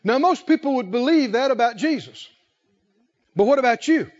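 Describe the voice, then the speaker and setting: A man preaching a sermon, emphatic and repetitive, who slows to stress key phrases and rises in fervor. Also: very high-pitched, expressive. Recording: dull lo-fi recording.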